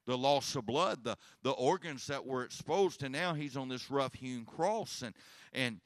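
A man preaching a sermon as pastor, swinging from hushed retelling to shouted emphasis and often repeating words. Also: mid-range voice, expressive, a little slow, dry recording, studio quality.

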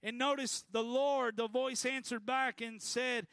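A man preaching a sermon in a high, fairly steady voice with a gravelly edge. He pushes each point hard and calls on the congregation to echo his words. The sound is close and dry. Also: unhurried. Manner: emphatic preaching with call-and-response prompts. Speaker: pastor.

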